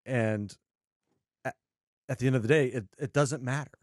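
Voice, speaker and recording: Earnest podcast co-host, dry mic. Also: male voice, medium pitch, dry recording. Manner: earnest, halting, restarts sentences. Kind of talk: casual chat.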